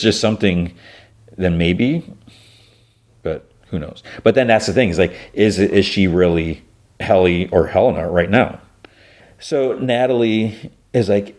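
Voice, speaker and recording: A man with a very low voice hosts a podcast and retells a show in a loose, rambling way. He fills his talk with fillers and restarts. When he quotes the characters, his pitch climbs. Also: a little mellow. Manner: loosely acts out characters' lines with rising pitch. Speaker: podcast host. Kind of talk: casual episode recap.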